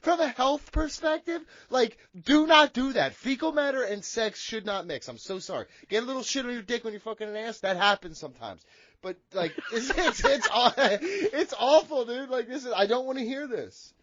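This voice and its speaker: A man's voice: very high voice, animated, moderate pace, fairly bright tone, dry recording, dull audio. A man hosting a podcast in casual chat, rambling with crude, profane jokes. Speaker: podcast host.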